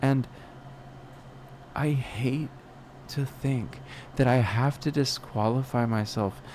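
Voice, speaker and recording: A young man on his own podcast reflects personally in a rambling, self-doubting style, stuffed with restarts and fillers. He speaks slowly in a mid-range, somewhat mellow voice, with a touch of background noise.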